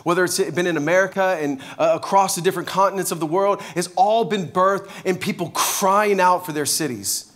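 A male pastor preaching a sermon, animated and passionate in his storytelling. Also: high-pitched, brisk, hardly any pauses.

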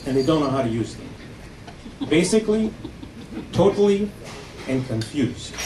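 A man with an American accent performs a stand-up set with deadpan setups and punchy lines. His voice sits slightly high. It is caught from a distance in a reverberant comedy club, with noise underneath.

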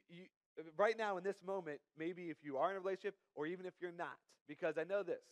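Animated young pastor with a high voice. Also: male voice, dry recording. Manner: storytelling, self-deprecating humor. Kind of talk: sermon. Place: church.

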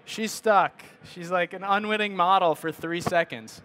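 A man's voice: high voice, a little slow, a bit bright, slight background noise. A middle-aged man giving a casual presentation on photography, rambling with many fillers and restarts. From United States. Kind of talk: casual talk to an audience.

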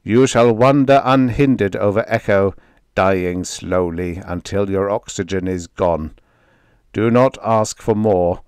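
A man's voice: fairly low pitch, a little slow, darkish tone, smooth, no echo, lightly acted. A man voicing a cruel Martian judge who speaks coldly and formally through a mechanical speaker, in an audiobook. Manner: cold, formal pronouncements.

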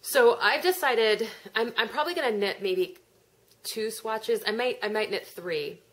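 A woman's voice: a little high, measured pace, a bit bright, poor audio. An American woman hosting a knitting podcast, talking casually with nasal vowels and a chatty, self-deprecating way of trailing off and picking her thread back up. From United States. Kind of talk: casual rambling monologue.

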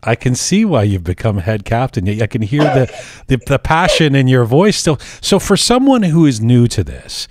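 A man hosting an interview podcast, talking in a lively, playful way. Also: medium pitch, normal speed, no echo, clean studio sound. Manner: lively, playful, laughs often. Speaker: podcast host. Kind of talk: casual interview.

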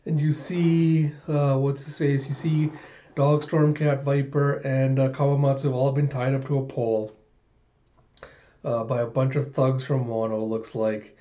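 Mellow-voiced man retelling a comic. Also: mid-range voice, measured pace, lo-fi sound. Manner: chuckling, animated retelling. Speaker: manga reviewer. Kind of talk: casual reaction review.

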